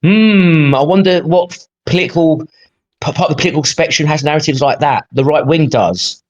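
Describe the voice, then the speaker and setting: A man's voice: a little high, a little fast, lo-fi sound. A man hosting, reacting to a clip with exasperated, sarcastic rants and frequent swearing. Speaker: podcast host. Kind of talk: heated reaction commentary.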